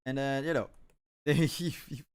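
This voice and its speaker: A man's voice: medium pitch, steady tone, slow, clear, resonant tone. A man from Malaysia chatting casually on an art stream, rambling with many restarts. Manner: rambling, many restarts and fillers, chuckles often.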